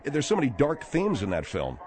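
A man's voice: mid-range voice, wildly swooping pitch, brisk, a little mellow. A man hosting a radio chat, stammering and hesitant as he speaks. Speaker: host.

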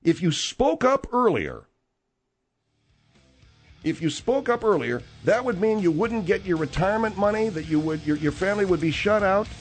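A man's voice: high voice, animated, normal speed, breathy edge, faint music behind. A man hosting a talk radio show, delivering a combative, rambling and sarcastic monologue.

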